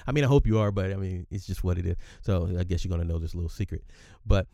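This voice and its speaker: A man's voice: low-pitched, fast, gravelly, mellow, no room sound, studio quality. A man in his fifties telling a casual work story as a podcast host, chatty and often checking in with his listeners.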